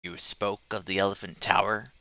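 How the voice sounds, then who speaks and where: A man's voice: sits low, flat delivery, normal speed, creaky, bright, forceful tone, no echo, exaggerated voice, rough recording. A man voicing a blunt young barbarian outlander in an audiobook, asking plain, direct questions. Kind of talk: audiobook character reading.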